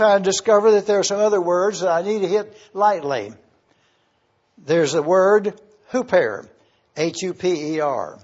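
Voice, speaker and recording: A man preaching an evening sermon, teaching slowly and spelling Greek words letter by letter. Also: sits high, a little mellow, slightly rough, highs cut off. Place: church service, evening.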